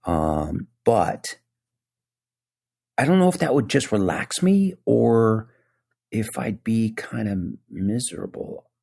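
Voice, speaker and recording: A man's voice: on the low side, lively intonation, slow pace, gravelly, mellow, no echo, clean studio sound. A man co-hosting a podcast, talking in a searching, heartfelt, hesitant way. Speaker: podcast co-host. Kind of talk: casual chat.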